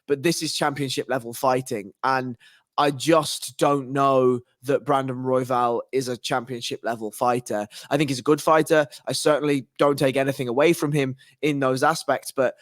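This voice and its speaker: Man, middle pitch, emphatic, repeats for stress, dry sound. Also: steady tone, normal speed, no echo. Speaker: podcast co-host. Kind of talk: casual sports podcast chat.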